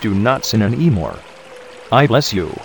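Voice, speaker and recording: An actor playing a gentle but authoritative holy teacher who speaks in a measured, solemn way in an audio drama. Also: male voice, fairly low pitch, big pitch swings, creaky, a little hiss or hum. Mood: calm.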